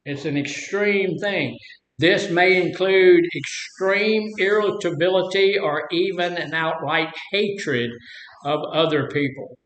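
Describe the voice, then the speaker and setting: A man's voice: high-pitched, slow, fairly bright tone, dull audio, a little hiss or hum. An older man telling stories in a rambling, folksy way while teaching about anger in a casual talk. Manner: folksy, rambling storyteller who acts out quotes. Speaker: speaker leading a talk on anger. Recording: echoey room.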